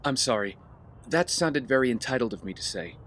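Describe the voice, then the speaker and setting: A man's voice: mid-range voice, expressive, a little fast, a bit bright. A man playing an earnest, apologetic rich young heir in an audio drama. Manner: earnest, conciliatory. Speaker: wealthy heir.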